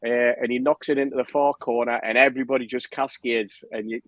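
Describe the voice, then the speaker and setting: A man telling a lively anecdote on a podcast, acting out the other people's lines. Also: mid-range voice, brisk, no echo, poor audio. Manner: animated storyteller, acts out quotes, laughs often. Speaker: podcast guest telling a story. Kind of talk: casual anecdote.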